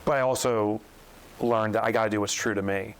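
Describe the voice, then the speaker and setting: Animated storytelling man, voices his quotes. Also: on the low side, brisk, a little hiss or hum, poor audio. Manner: animated storyteller acting out quotes, rising sharply when incredulous. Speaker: guest, author and business coach. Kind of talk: storytelling in a podcast interview.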